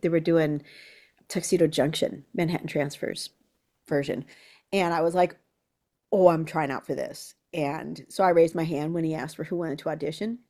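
A woman musician being interviewed, telling lively anecdotes and acting out quotes. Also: deep voice, moderate pace. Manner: animated storyteller who acts out quotes. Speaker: guest musician.

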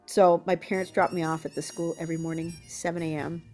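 A woman musician being interviewed, telling lively anecdotes and acting out quotes. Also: lowish voice, fairly quick, faint music behind. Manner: animated storyteller who acts out quotes. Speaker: guest musician.

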